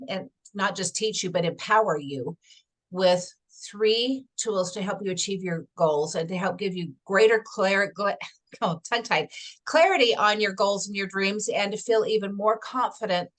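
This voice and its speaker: A woman's voice: medium pitch, fairly bright tone. A woman hosting a motivational workshop, talking enthusiastically, laughing often and telling stories. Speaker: workshop host and motivational coach. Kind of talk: motivational workshop talk with storytelling.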